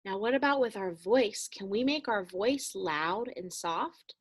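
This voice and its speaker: A woman teaching young children a phonics lesson, speaking slowly and encouragingly and calling them friends. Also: mid-range voice, animated, breathy edge.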